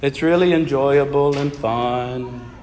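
A man voicing a glum, gloomy churchgoer who drones slowly and sighs, with long reverb around him. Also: medium pitch, a little mellow, close to an everyday voice. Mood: mopey. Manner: slow, droning and sighing.

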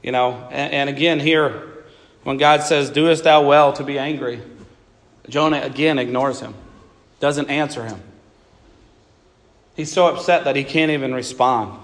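A man preaching a sermon in a slightly higher-pitched voice, stacking short emphatic phrases and reading scripture aloud. His voice carries a long reverb, as in a large church sanctuary. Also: fairly bright tone. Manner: reads scripture aloud and voices Jonah's complaints in plain speech.

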